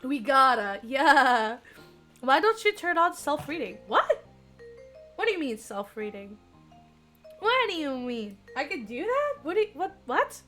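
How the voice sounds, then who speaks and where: A young woman in her twenties streaming herself reading a dating game aloud, giggly and excitable, her voice strained and cracking. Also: sits high, a little slow, soft background music. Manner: giggly, excitable, chats with viewers.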